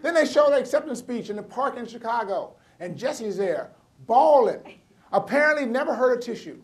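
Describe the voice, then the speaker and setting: A middle-aged man does stand-up, telling a personal story full of wry, punchy asides and sharp comic timing. His voice is extremely high-pitched and expressive, delivered at a normal speed.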